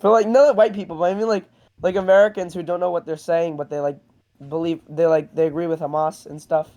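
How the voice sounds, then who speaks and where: A man's voice: on the high side, level tone, a little fast, mellow. A man calling in to a live show with questions, speaking hesitantly with many filler words. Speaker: caller. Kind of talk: casual phone-in question.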